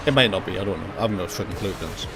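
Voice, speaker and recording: A young man streaming a racing game live, joking and talking to himself with excitable reactions. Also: low voice, rapid-fire. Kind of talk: live gaming commentary. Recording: loud game music behind voice. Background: racing game music and engine sounds.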